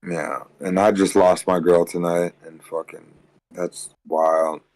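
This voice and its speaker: A man's voice: flat delivery, slow, darkish tone, rough recording. A tired man on a livestream ranting crudely, swearing constantly and rambling. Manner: crude, rambling, swears constantly, mocks others in high voices. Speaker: livestream co-host. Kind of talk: casual livestream rant.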